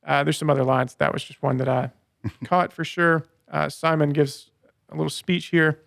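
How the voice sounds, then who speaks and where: A man's voice: fairly high pitch, flat delivery, normal speed, creaky, fairly bright tone, no room sound, clean studio sound. A man co-hosting a podcast, recapping scenes in a casual chat and quoting lines with playful voices. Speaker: podcast co-host.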